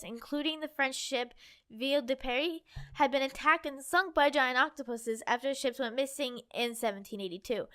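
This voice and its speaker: A young woman co-hosts a casual chat, reading passages aloud and insisting on finishing them. She's chatty and says "like" a lot. Her voice sits high, fairly bright, and clean.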